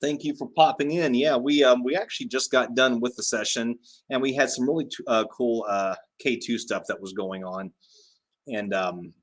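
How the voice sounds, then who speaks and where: Guy on a livestream reading chat, lots of ums and laughs, lowish voice. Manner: chatty, laughs often, many fillers. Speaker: livestream host.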